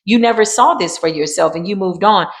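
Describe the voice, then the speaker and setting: A woman's voice: mid-range voice, a little fast. A woman doing a casual tarot card reading, talking in an emphatic, repetitive and colloquial way and calling her viewers y'all.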